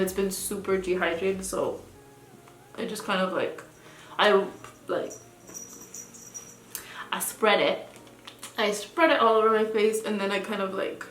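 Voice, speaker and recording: Chatty woman in an echoey room. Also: medium pitch. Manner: rambling, with many "like" and "um" fillers. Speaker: beauty vlogger. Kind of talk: casual chatty makeup tutorial.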